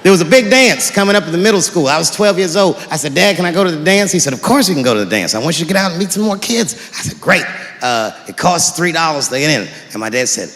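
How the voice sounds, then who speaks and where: A man's voice: fast talker, long reverb tail, noisy background. A man doing stand-up storytelling, acting out family conversations with wide swings in his delivery. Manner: animated, swings pitch widely acting out family dialogue. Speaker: stand-up comedian.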